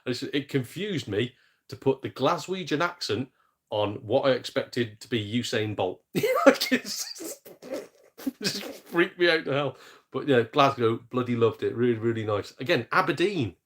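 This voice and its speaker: A man's voice: mid-range voice, animated, fairly bright tone. A young man, chatting casually on a gaming live stream, joking, laughing easily and swearing mildly. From England, Shropshire near the Welsh border. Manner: chatty, jokey, quick laughs, mild swearing.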